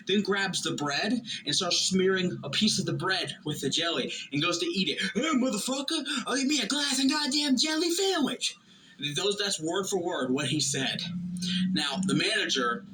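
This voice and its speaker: A man casually retelling a family anecdote, lively and anecdotal. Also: on the high side, noisy background. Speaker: storyteller. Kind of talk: casual storytelling.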